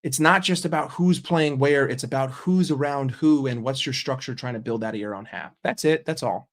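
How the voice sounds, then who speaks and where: A man hosting a casual livestream, reading viewer comments aloud and answering them in a blunt, profane, animated way. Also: medium pitch, normal speed. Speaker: livestream host.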